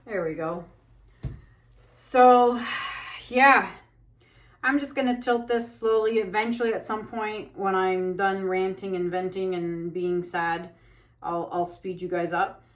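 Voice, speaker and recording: A woman talks at an unhurried pace while she paints, and her chat comes out rambling and anxious. It is casual, with frequent fillers and restarts, and her voice sits at a middle pitch. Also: fairly even intonation. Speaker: fluid art painter and channel host.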